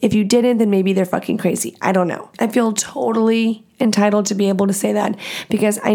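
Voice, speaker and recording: A woman hosting her own podcast, giving blunt, profane relationship advice in a fast, animated, casual way. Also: mid-range voice. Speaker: podcast host. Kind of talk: casual solo podcast talk.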